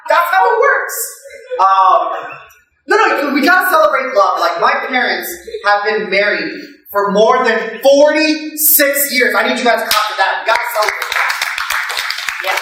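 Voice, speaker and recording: A man's voice: very high voice, normal speed, a little hiss or hum. A man in his thirties from the United States, telling self-deprecating stand-up stories to a live audience in an echoey venue, heard from a distant mic. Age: 30s. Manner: animated, self-deprecating storytelling. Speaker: stand-up comedian. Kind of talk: stand-up storytelling.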